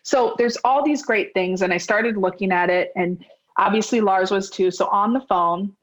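A woman in her forties, a real estate business owner, telling her story as a podcast guest in a chatty, expressive way, acting out the voices of the people she quotes. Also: normal speed, poor audio. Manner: chatty and expressive, acting out quoted dialogue with big pitch jumps. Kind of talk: animated storytelling in a conversational interview.

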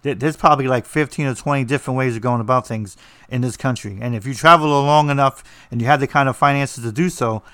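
A man's voice: mid-range voice, quick pace, fairly bright tone, clear, resonant tone, dry recording. A man with a New Jersey accent, teaching about writing in a blunt, rambling, joking way with lots of fillers. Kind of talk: casual monologue.

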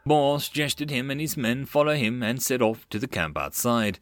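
A man narrating a web novel audiobook in a lively, expressive way. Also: mid-range voice, moderate pace, hardly any pauses, no room sound.

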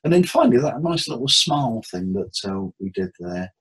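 Husky-voiced man explaining therapy tips. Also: mid-range voice, big pitch swings, a little fast, rough recording. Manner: jokey, anecdotal, acts out quotes. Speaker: therapist and hypnotherapist guest. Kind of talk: interview chat giving tips.

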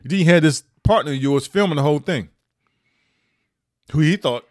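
A man hosting a podcast, giving opinionated year-end commentary with emphatic delivery and sudden high rises on stressed points. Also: moderate pace, darkish tone, no room sound, clean studio sound. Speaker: podcast host.

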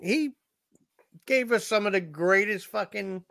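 A man with a high, bright voice on a podcast, chatting bluntly about a movie and cursing freely. The sound is close and dry. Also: unhurried, gravelly, no echo. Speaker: podcast co-host. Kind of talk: casual movie discussion.

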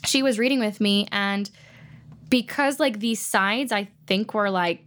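A woman actor, chatting casually and telling animated stories, swearing freely. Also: mid-range voice, moderate pace. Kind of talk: casual chat.

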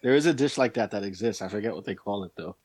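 A man's voice: lowish voice, quick pace, darkish tone, breathy edge. Easygoing man chatting casually. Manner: easygoing, supportive listener, chuckles along. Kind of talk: casual chat.

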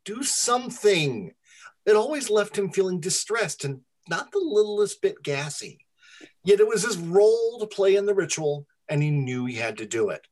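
A storyteller reading their own comic fantasy story aloud to friends, with a wry, self-deprecating delivery. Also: mid-range voice.

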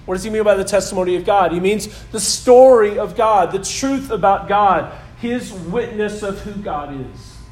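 A man preaching a sermon as pastor of a new church, animated and emphatic, at times dropping to a soft, quiet voice. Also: high voice, moderate pace, few pauses, roomy sound, rough recording. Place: church sanctuary.

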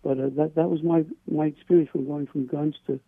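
A man calls in to a radio show and tells his story earnestly, stumbling and repeating words as he goes. His voice is gravelly and a little husky, and the sound is thin and tinny like a phone line. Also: a little high, steady tone, fairly quick, no room sound. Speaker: caller. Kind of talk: telling a personal story.

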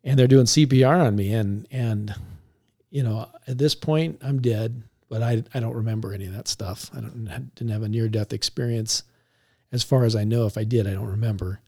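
A man, a police officer, recounting a story in a relaxed conversational way, laughing now and then as he talks. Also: lowish voice, a little fast. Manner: animated, laughs while recounting.

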